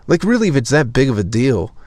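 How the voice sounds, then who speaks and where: A man's voice: medium pitch, sing-song, fast talker, darkish tone, no room sound. A young man telling a profane, exasperated story as a podcast host in a casual comedic rant.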